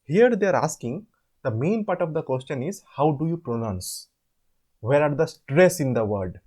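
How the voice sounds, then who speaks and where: A man with an Indian English accent tutoring students through an English assignment, explaining step by step and repeating words slowly. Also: fairly high pitch, very animated, darkish tone. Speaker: online course tutor. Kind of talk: assignment walkthrough lesson.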